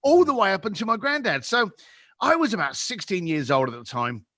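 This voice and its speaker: A man in his fifties with a London accent, a podcast guest telling animated stories and acting out the voices in them. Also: high voice, fairly quick, dry recording, studio quality. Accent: London English. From England. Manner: lively, acts out voices in anecdotes. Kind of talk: animated storytelling.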